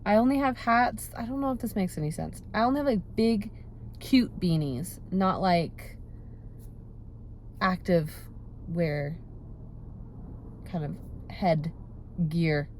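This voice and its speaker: In her thirties, a woman vlogger sits in her parked car chatting casually to a phone camera held close. Her fairly low, darkish voice is slow with long pauses, over a little hiss or hum, and she rambles self-deprecatingly with lots of fillers.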